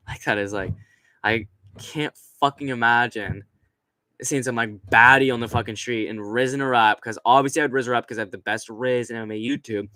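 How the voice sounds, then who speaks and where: Young guy streaming, crude rambling chat, bright sharp voice, super dry sound. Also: mid-range voice, a little fast, dry recording. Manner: crude, rambling, laughs often; reads out chat messages. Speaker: streamer host. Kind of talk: casual live-stream chat.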